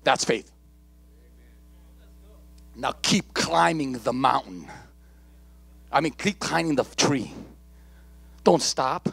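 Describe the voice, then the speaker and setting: A male pastor preaching a live church sermon with impassioned repetition and calls to the congregation, at times shouting, at times dropping low. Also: lively intonation, slow pace, creaky, pauses often, husky, dry recording. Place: church sanctuary during a live service.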